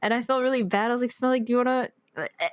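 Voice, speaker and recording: A woman's voice: fairly high pitch, rapid-fire, dry recording. Young woman podcast cohost, lots of likes, dull dry sound. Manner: rambling storytelling, heavy use of "like". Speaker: podcast co-host. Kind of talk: casual chat.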